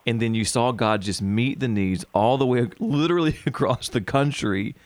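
A man's voice: medium pitch, moderate pace, no room sound. A man hosting a casual interview, affirming his guest and asking long, winding questions. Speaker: podcast host.

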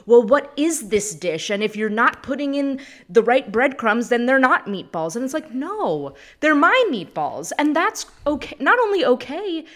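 A woman in her thirties chatting casually as a podcast guest, animated and rambling, laughing often. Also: sits high, normal speed, hardly any pauses. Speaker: guest, food anthropologist and TV host.

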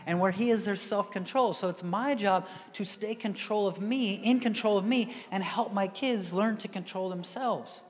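A male pastor giving a conversational sermon, dropping to quiet asides and rising to loud emphatic bursts. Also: high-pitched, moderate pace, few pauses. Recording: reverberant hall.

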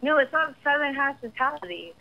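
A woman's voice: high-pitched, lively intonation, brisk, lo-fi sound. A drunk woman calling in over a speakerphone, rambling and swearing. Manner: slurred, rambling and profane. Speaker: caller. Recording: speakerphone call.

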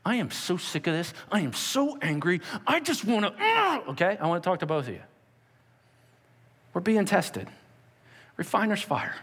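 A male pastor delivering a sermon and prayer, swinging between loud urging and quiet emphasis. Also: high voice, big pitch swings, normal speed, long pauses, breathy edge, long reverb tail.

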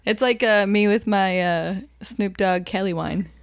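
A woman's voice: mid-range voice, unhurried, smooth. Playful woman joking on a podcast. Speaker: podcast co-host. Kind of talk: casual chat, whiskey tasting. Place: small dim podcast room.

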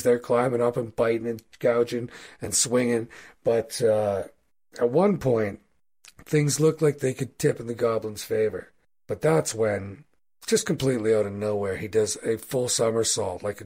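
A man narrating a tabletop role-playing game as game master, telling a fight scene in a loose, animated, swearing way. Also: mid-range voice. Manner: animated, swearing, casual storytelling.

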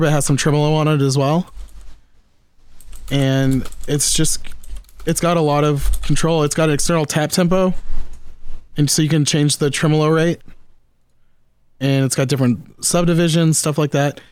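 A man hosts a casual gear chat, talking in a fairly high voice. He rambles and restarts often, and his excitement keeps spilling over. The sound is dry and close, with no room around it. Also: a little fast, clear, resonant tone, dry recording. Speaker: podcast host.

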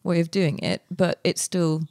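A young woman, a guest author, telling her story in a relaxed interview, chatty with many fillers and restarts. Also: on the low side, unhurried, noisy background.

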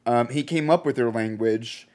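A man's voice: mid-range voice, normal speed, dark tone. A man co-hosting a casual film review podcast, joking and laughing often. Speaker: podcast co-host.

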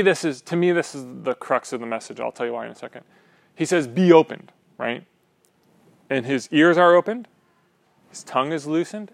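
A man's voice: medium pitch, vocal fry. A man teaching a sermon in a conversational, playful way, often checking in with "right?". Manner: animated, playful asides.

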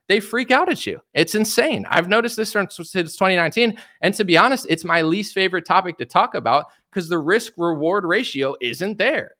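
Young man, political rant, animated, repeats himself, higher-pitched voice. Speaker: political commentator.

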